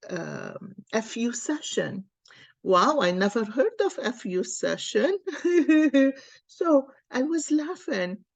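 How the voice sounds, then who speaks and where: Woman card reader, casual spiritual chat, slow and earnest, dry close mic. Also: medium pitch, darkish tone, no echo.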